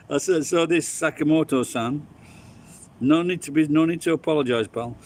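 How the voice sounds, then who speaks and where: A man's voice: on the high side, darkish tone. A man from Sheffield with a strong Yorkshire accent, chatting loosely with viewers in a rambling, sweary way and laughing often. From Sheffield, England. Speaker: vlogger chatting with live viewers. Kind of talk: casual chat. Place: outdoors on a street.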